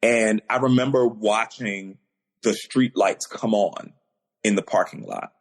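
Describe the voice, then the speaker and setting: A man's voice: lowish voice, unhurried. A man, a podcast guest on a video call, telling a personal story in an earnest, emotional way that grows in intensity.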